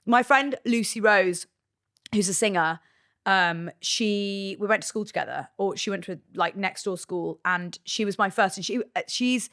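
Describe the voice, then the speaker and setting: A woman's voice: mid-range voice, a bit bright. Chatty woman in her thirties. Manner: chatty, swears freely, quick bursts. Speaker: podcast guest, presenter. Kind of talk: casual chat.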